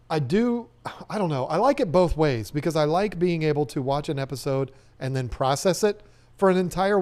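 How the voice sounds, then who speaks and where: A man's voice: fairly high pitch, a little mellow. A man hosting a live stream, chatting casually and joking as he reads viewer comments, rambling with restarts.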